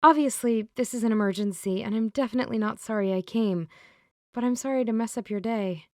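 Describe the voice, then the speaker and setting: A woman's voice: a little high, a little fast, warm tone, dry recording, pitched above the performer's own voice, lightly acted. Anxious young woman, raised voice, dry close sound, voiced by a woman narrator.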